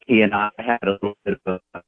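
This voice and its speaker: A man, an independent journalist, calling in to a radio show and telling his story in an animated, indignant way. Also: on the low side, quick pace. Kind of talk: phone-in radio interview. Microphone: telephone. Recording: tinny phone line.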